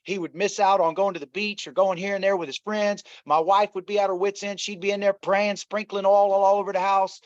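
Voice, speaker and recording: A man's voice: high voice, little pitch movement, a little fast, few pauses, no echo. A middle-aged man telling a painful family story as an interview guest, earnest and repetitive, often talking straight to the listeners. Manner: earnest, repeats himself, addresses listeners as y'all. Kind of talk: emotional personal storytelling. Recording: dull, slightly lo-fi dry sound.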